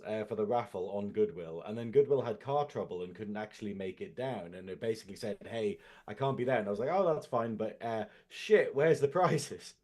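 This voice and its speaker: A man's voice: mid-range voice, a little mellow. A man co-hosting a podcast over a video call, telling stories in a rambling, laughing way. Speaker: podcast co-host. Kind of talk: casual chat.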